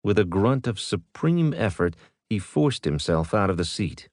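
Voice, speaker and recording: A man narrating an audiobook in a steady storytelling manner. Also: lowish voice, measured pace, no echo, clean studio sound. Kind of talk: scripted narration.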